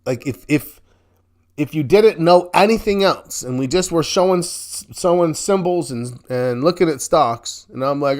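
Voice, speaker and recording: A man hosting a live-stream market commentary, chatty and quick to laugh, often restarting and repeating words as he talks. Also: a little high, a little mellow. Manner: self-correcting, repeats words. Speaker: host.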